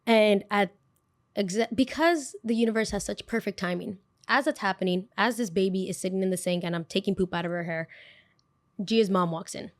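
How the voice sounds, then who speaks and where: A young woman hosting a podcast, telling a story in a casual, animated way and repeating phrases for emphasis. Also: mid-range voice, brisk, no echo, studio quality. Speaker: podcast host.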